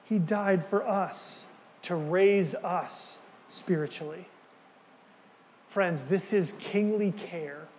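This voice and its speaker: A man preaching a sermon, earnest and emphatic, dropping to quiet words for key lines. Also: high voice, takes it slowly, long reverb tail, slight background noise. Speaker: pastor.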